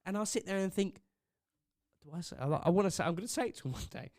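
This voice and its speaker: A man's voice: high-pitched, lively intonation, fast talker, darkish tone, no echo. Rambling young man, dry mic. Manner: rambling anecdotes, swearing, acting out others' lines. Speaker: podcast co-host. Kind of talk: casual chat.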